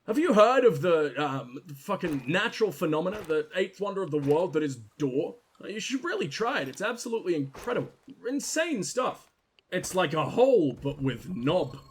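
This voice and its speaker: High-pitched dude swearing and joking at a video game, sarcastic, chatting to the npcs, faint hiss behind him. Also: male voice, big pitch swings, moderate pace. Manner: crude, sarcastic and profane joking; talks to the game characters. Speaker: gaming video host. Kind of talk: let's-play commentary.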